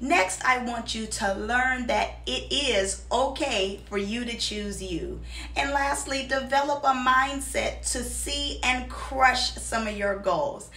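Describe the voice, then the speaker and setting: A woman's voice: on the high side, takes it slowly, bright, forceful tone, echoey room, distant mic. A woman host reading a scripted, encouraging promotional message. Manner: encouraging, motivational. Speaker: show host.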